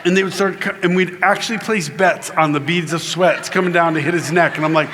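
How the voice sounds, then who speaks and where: A man's voice: high voice, expressive, brisk, hardly any pauses, noisy background. A man giving a conference keynote sermon as a comic story, acting out the voices of the people in it and laughing often. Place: large conference hall.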